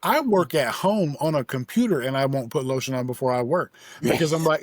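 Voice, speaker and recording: A man's voice: mid-range voice, animated, brisk, no room sound. Give me an older man who talks emphatically and keeps restarting his sentences. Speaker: podcast co-host. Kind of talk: casual chat.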